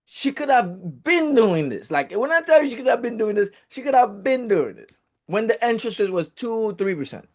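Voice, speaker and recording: Male speaker for a real estate group, casual storyteller with a lively, rather high voice and a loose, profane delivery. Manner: animated, chatty, swears, fillers like blah blah.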